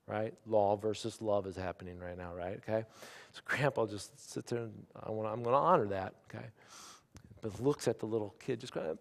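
A pastor in his forties preaching a sermon, shifting from hushed, intimate asides to loud, emphatic declarations. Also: on the low side, moderate pace, gravelly, in a large hall. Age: 40s. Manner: animated preaching, swinging from quiet asides to loud emphatic lines.

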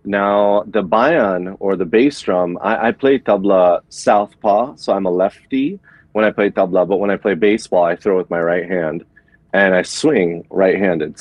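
Relaxed low-voiced male guest. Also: no echo. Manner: relaxed, explanatory, with fillers. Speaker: guest musician. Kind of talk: casual interview chat.

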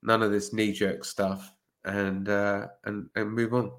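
A man, a football podcast pundit talking in calm, reassuring casual chat, with casual swearing. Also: on the low side, a little slow.

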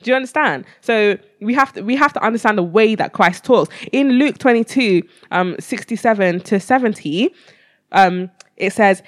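A woman in casual conversation who talks through Bible passages, reading verses aloud and explaining them with lively slang. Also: mid-range voice, normal speed, no room sound. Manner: animated, slangy, reads scripture aloud.

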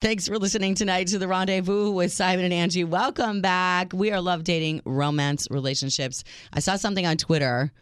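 A woman's voice: on the low side, steady tone, fairly quick, few pauses, smooth, no room sound, studio quality. A woman co-hosting a late-night dating call-in radio show, chatty and playful, repeating the phone number for callers. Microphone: studio microphone.

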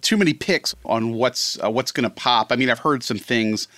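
A man talking as a guest in a casual podcast chat, animated and rambling, often correcting himself mid-sentence. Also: medium pitch, moderate pace, dry recording. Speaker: film critic guest.

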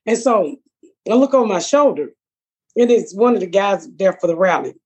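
Husky-voiced, blunt, profane woman comedian. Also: mid-range voice, normal speed, highs cut off. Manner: blunt, profane, animated storyteller. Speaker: comedian, podcast regular. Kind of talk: casual storytelling chat.

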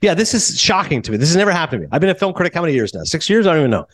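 A man who is a film critic and podcast host, telling a casual story and acting out the dialogue, then interviewing a guest. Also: a little high. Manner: animated, quick, acts out dialogue.

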